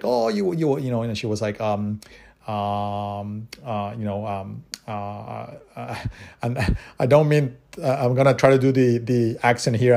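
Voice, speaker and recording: A man's voice: medium pitch, darkish tone. A man telling casual anecdotes to camera in a rambling way, with many restarts and asides. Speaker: vlogger.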